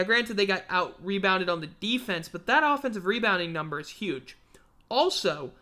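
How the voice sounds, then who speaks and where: A man's voice: sits high, pushed and bright. A man hosting a casual sports recap, blunt and sarcastic, tired and yawning. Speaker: host of a sports podcast.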